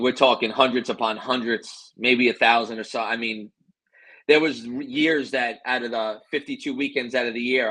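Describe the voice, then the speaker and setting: A former pro wrestler telling stories in a relaxed interview, animated and boastful. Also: male voice, mid-range voice, no echo, low-quality recording. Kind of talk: casual interview storytelling.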